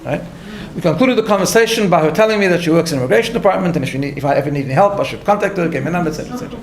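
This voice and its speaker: A high-voiced man teaching a class as a rabbi, telling a story in a lively, chatty way and breaking into small laughs at his own asides. His voice carries around an echoey room with a faint hum of ambience behind it. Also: racing. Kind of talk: conversational lecture with a story.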